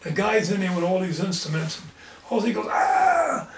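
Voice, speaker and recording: A man's voice: high voice, brisk, a little hiss or hum. A man and lay preacher telling his experiences in an interview, earnest and fervent. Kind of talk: storytelling in an interview. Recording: echoey room, distant mic, faint ambience.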